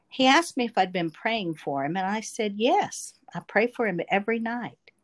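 A woman recounts her personal faith testimony at a slow, deliberate pace. Her telling is earnest and emotional, and her voice sits at an ordinary middle pitch. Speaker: testimony speaker.

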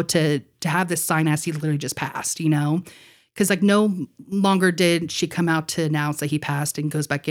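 A young woman with a fairly low voice tells a personal story on a podcast. She is chatty and laughs often, and her speech is full of casual fillers. The feel is a relaxed conversation between co-hosts. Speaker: podcast co-host.

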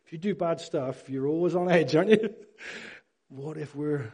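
A man's voice: on the high side, normal speed, husky. A man preaching a sermon, acting out Bible characters and asking his listeners questions. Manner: animated, acts out Bible characters; asks the congregation questions. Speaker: pastor.

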